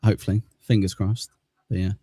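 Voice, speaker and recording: A man's voice: fairly low pitch, steady tone, fairly quick, warm tone, breathy edge, no echo. A man from southern England with an accent close to Cockney, hosting a livestream and chatting casually through viewer comments in a rambling, laid-back way with casual swearing. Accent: southern English, near Cockney. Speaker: livestream host.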